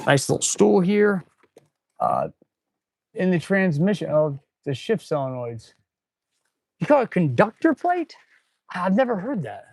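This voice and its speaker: A man's voice: high voice, vocal fry, darkish tone, no room sound. A man who is a mechanic, chatting casually on a live stream while he works in an auto repair shop, laid-back and calling viewers "dude.". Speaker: auto mechanic and channel host.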